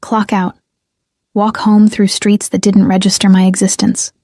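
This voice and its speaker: A young woman reading a first-person story in a measured, restrained scripted narration. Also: medium pitch, level tone, warm tone, no room sound, clean studio sound.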